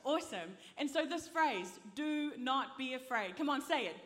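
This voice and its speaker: A woman's voice: high voice, lively intonation, moderate pace, few pauses, fairly bright tone, slight background noise. A woman preacher delivering an impassioned sermon to a congregation in a large church hall, urging them to repeat after her. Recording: long reverb of a large hall.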